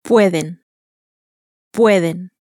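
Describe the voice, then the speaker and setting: A woman serving as the native-speaker model in a language lesson, saying single words slowly and with careful enunciation. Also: fairly low pitch, dark tone, dry recording, clean studio sound. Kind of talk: repeating single words for learners.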